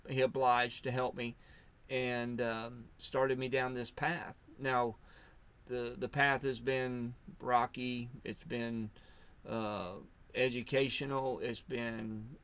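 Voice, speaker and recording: A man in casual faith discussion, telling his story in a rambling way, restarting sentences and loudly acting out what others said. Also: medium pitch, clean tone. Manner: rambling, self-interrupting storyteller who acts out quotes loudly. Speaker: podcast co-host.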